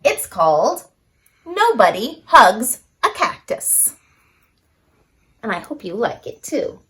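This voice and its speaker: Woman reading a picture book aloud to kids, fairly high-pitched and very animated, with sing-song swoops. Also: slow pace, a little hiss or hum. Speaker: children's story reader.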